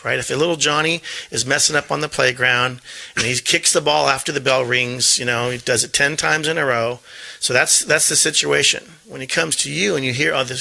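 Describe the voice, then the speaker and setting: A middle-aged man talks as a guest principal, with a strongly gravelly fry all through. His tone is very bright and forward. He speaks earnestly, doubling words as he works out each thought. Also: mid-range voice, rough recording. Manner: earnest, repeats words as he thinks. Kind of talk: casual interview talk.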